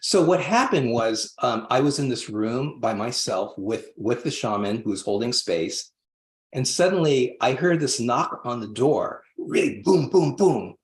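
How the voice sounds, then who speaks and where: A man's voice: mid-range voice, animated, unhurried. A man who is a podcast guest tells a long personal story, rambling with many restarts and acting out the voices he quotes. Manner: acts out quoted voices animatedly. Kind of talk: storytelling interview answer. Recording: roomy echo.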